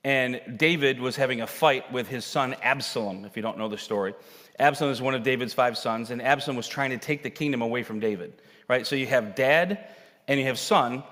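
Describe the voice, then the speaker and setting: A male pastor preaching a sermon, telling Bible stories with animated acted-out dialogue. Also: medium pitch. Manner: animated storytelling, acting out characters' lines. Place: church sanctuary. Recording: long hall reverb.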